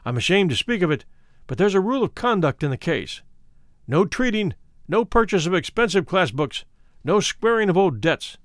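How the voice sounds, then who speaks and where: A man's voice: sits high, big pitch swings, moderate pace, no echo, studio quality. A man playing a cool, ruthless worldly doctor. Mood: persuasive. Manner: coolly persuasive, condescending.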